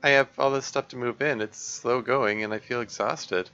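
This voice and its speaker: A man playing a worn-out young woman, usually composed but now emotional. Halting and subdued, yet with a bright, sharp tone. The recording is a little muffled, with faint music under it. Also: mid-range voice, fairly even intonation, clear, resonant tone, voice pushed up. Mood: weary.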